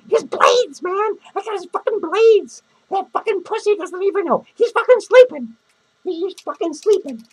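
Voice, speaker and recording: Man playing Penny, a shrill foul-mouthed clown. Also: a little hiss or hum, full character voice, low-quality recording. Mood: mocking. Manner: crude, rambling rants full of cursing and cackling laughs. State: hungover. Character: foul-mouthed, lonely, hungover female clown. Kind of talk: comedic character monologue.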